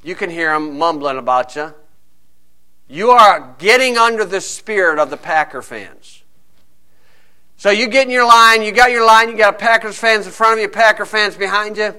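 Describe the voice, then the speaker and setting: A man preaching a sermon, telling a lively story and acting out quick asides from other people. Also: high-pitched, clean tone. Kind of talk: sermon with a sports illustration.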